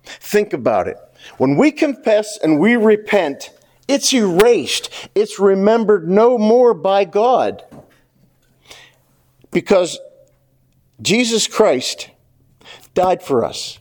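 A man's voice: high voice, sing-song, slow, long pauses, a little mellow. A pastor preaching a sermon to his congregation, speaking earnestly and directly to the church and repeating key phrases for emphasis.

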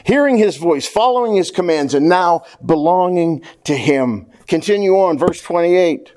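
A pastor preaching a sermon, repeating key phrases for emphasis and putting questions straight to the congregation in a folksy way. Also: male voice, a little high, darkish tone. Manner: addresses the congregation directly with questions; folksy, drops into casual slang.

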